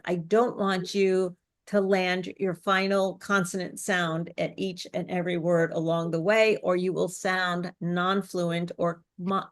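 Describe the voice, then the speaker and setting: A woman speech coach, teaching business speaking skills, varying her pace and bringing her pitch down at sentence ends. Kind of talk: live online presentation coaching.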